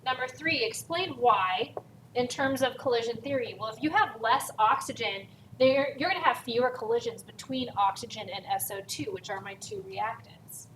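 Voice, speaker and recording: A woman's voice: a little high, normal speed, fairly bright tone. Woman teacher in an echoey room. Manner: stresses key words, repeats for emphasis. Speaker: chemistry teacher. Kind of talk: recorded lesson walking through worksheet. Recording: echoey room, voice from far off, faint hiss.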